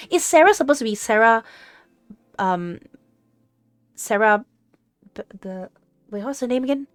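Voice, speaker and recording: Woman, streamer host, somewhat high voice, dry close sound, incredulous, laughing, tripping over words. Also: animated, unhurried, long pauses, no echo. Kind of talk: casual chat, reading a script aloud with reactions. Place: home streaming setup.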